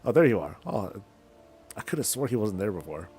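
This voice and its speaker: A male game streamer with a lowish voice, talking in a relaxed, slangy ramble while he plays. He thinks out loud and drifts from point to point. Soft music plays faintly under him. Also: fairly quick. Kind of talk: casual chat while gaming.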